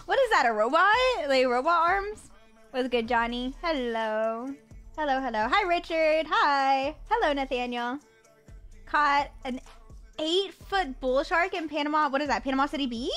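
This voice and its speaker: A woman's voice: sits high, expressive, normal speed, a bit bright. A young woman from the Florida Panhandle chatting casually with her live-stream viewers, rambling with lots of fillers and stumbling over her words. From Florida Panhandle, USA. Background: faint music.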